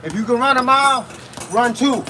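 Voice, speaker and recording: Breathless, high-voiced boxing coach grunting through punches. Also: male voice, moderate pace, bright, forceful tone, a little hiss or hum, rough recording. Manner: grunts with each punch between short spoken cues. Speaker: fitness coach. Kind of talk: live boxing workout coaching.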